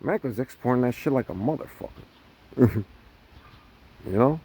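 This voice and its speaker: A man's voice: mid-range voice, moderate pace, husky. A man ranting casually to camera, swearing constantly and laughing between lines. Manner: profane, laughing often, animated. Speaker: vlogger.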